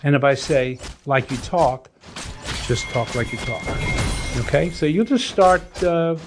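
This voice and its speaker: A man teaching writing in a casual, animated way, often acting out voices. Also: a little high, unhurried, music in the background. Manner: animated, acts out voices and hums melodies.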